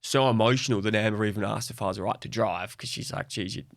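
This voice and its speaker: A man's voice: lowish voice, quick pace, creaky, dry recording, clean studio sound. A young Australian man speaking openly and reflectively as a guest in a podcast conversation. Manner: open, reflective, soft-spoken.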